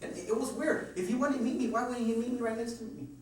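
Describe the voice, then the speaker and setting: Rapid, stammering frightened man, echoey room. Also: very high-pitched, fairly even intonation. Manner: stammering, repeats himself, heavy cursing. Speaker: interviewee questioned by police. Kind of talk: nervous rambling account. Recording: echoey room, distant mic, faint hum.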